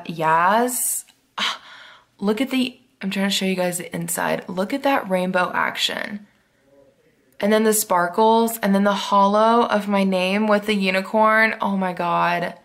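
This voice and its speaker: A woman chatting through an unboxing haul, gushing and excitable, sometimes dropping to a whisper. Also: mid-range voice, measured pace. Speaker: planner vlogger. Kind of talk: casual unboxing chat.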